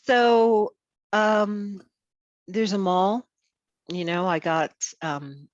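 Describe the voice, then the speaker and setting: A woman's voice: medium pitch, fairly even intonation, very slow, dry recording, muffled recording. A woman host in a casual chat, rambling with lots of "you know" and restarts. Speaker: podcast host.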